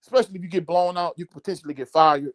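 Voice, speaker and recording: Man, casual sports stream host, easygoing, chuckles a lot, slightly high voice, dry close sound. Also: racing, dry recording. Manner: laid-back, laughs often, many fillers. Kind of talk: casual live-stream chat reading viewer comments.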